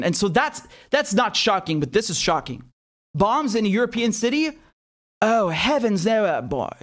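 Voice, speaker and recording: High-voiced outraged male commentator. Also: fairly bright tone. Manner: sarcastic, outraged, swears. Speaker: political commentator. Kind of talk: indignant video commentary.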